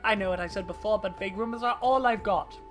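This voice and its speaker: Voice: mid-range voice, quick pace, soft background music, natural voice. A streamer voicing a struggling, wheedling small merchant while reading game dialogue aloud on stream. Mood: grumpy. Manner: theatrical read of game dialogue.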